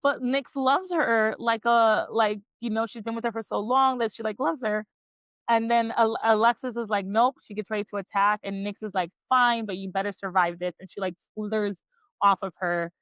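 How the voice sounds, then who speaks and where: A woman hosts a book podcast and recaps chapters in loose, excited chat. She keeps dropping "like" as she goes. The recording is dry and a little muffled. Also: fairly high pitch, moderate pace, dry recording. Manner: enthusiastic, frequent "like" fillers. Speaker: podcast host. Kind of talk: casual book-club chat, summarizing chapters.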